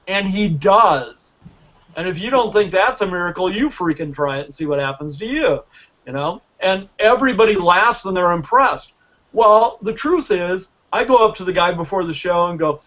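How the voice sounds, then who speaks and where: Man, high-pitched, animated storyteller, acts out dialogue, dull lo-fi sound. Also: normal speed. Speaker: guest mentalist teaching magic. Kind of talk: casual storytelling lesson.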